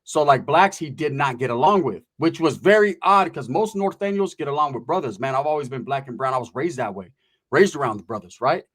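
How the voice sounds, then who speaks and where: A man from California telling a story in casual chat, with rapid, profane, animated street slang. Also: mid-range voice.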